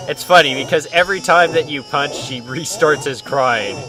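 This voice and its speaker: A man's voice: a little high, measured pace, bright, forceful tone, faint music behind. A man hosting a casual let's-play, joking around and talking to the characters on screen. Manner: goofy, jokey, talks to the characters on screen. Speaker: gaming channel host.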